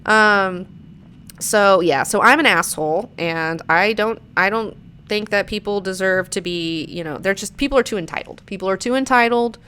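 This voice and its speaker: A woman in her thirties hosting a show, chatting casually in a rambling, profane way, now and then slipping into mocking high-pitched quotes. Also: moderate pace, sharp tone, slight background noise. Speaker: show host. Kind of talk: casual chat.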